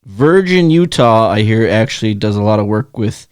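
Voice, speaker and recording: A man's voice: fairly low pitch, animated, normal speed, a little mellow, smooth, no room sound, studio quality. A man co-hosting a podcast in casual chat, riffing on crude puns and joking with his partner. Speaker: podcast co-host.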